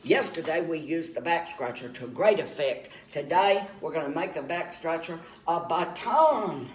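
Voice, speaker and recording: In this campy comic monologue, a man voices a slow-talking, flamboyant Southern character in middle age, trapped indoors during lockdown. His slightly high, animated delivery spills out dramatic gossip punctuated by camp exclamations.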